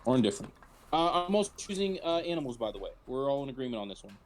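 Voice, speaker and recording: A man's voice: mid-range voice, very animated, racing, crowd noise. A man on a casual podcast, joining in with sarcastic, laughing banter. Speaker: podcast co-host. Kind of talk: casual chat.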